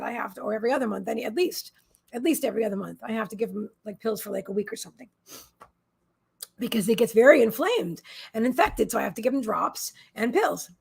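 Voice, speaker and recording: A woman with a high voice, gravelly and a little husky, chatting from her desk at home. She hosts a psychic live stream and rambles casually between stories, often turning to talk to her pets.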